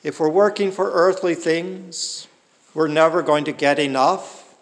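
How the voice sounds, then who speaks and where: A man's voice: on the high side, fairly even intonation, measured pace, in a large hall. A man preaching a sermon in an earnest way, asking the listeners rhetorical questions.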